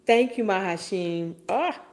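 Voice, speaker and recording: A woman's voice: mid-range voice, animated, measured pace, a little mellow. A woman in her forties hosting a casual live stream, reading viewer comments and answering them in a playful, teasing and profane way. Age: 40s.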